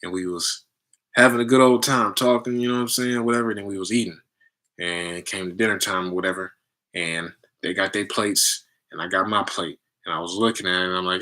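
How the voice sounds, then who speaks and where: A man hosting a casual spiritual talk with his community, animated and preachy, often checking in with "right?" and "family.". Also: sits low, brisk. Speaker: livestream host talking to his community.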